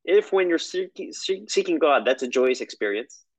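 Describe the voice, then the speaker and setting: A man's voice: fairly high pitch, expressive, normal speed, no room sound, low-quality recording. A man teaching a lesson on prayer in a conversational, storytelling way, with asides.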